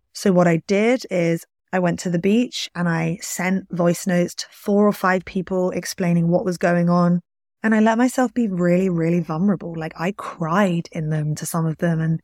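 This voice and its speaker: Candid woman talking low and close. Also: no room sound. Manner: candid, confessional, heavy use of "like". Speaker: podcast host. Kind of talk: solo podcast, personal reflection.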